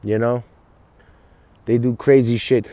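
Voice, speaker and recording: A man's voice: medium pitch, fairly even intonation, slow pace, mellow, no room sound. A man talking to camera in a rambling, profanity-heavy monologue, often restarting his sentences. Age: adult with children. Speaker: vlogger. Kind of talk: casual monologue.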